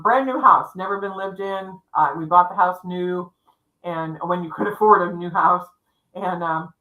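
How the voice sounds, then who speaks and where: A middle-aged woman, a psychic co-hosting a livestream, telling her stories in a chatty, lively way and acting out the dialogue. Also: lowish voice, reverberant, rough recording. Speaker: psychic co-host. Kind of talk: storytelling in casual chat. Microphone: livestream setup.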